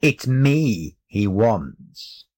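A man reading the part of a sly, self-satisfied male cat in a storybook, teasing and unhurried. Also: on the low side, sing-song, darkish tone, heavily acted. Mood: smug. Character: sly, smug male cat in a boy's body.

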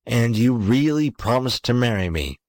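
A man's voice: mid-range voice, animated, moderate pace, no echo, voice pushed up, lightly acted. A man voicing a poor, miserable glass blower in a storybook reading, with a pleading, earnest manner. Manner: pleading, then eager.

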